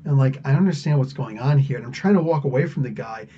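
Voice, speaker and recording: A man's voice: medium pitch, fast talker, dark tone, breathy edge. A man from the United States hosting a podcast, chatting casually in a rambling way and laughing often. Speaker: podcast host. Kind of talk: casual live Q&A chat. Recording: dull lo-fi audio.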